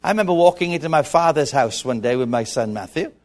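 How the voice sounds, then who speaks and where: Animated middle-aged male preacher. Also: on the high side, fast. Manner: animated storytelling with repetitions. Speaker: pastor. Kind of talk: sermon.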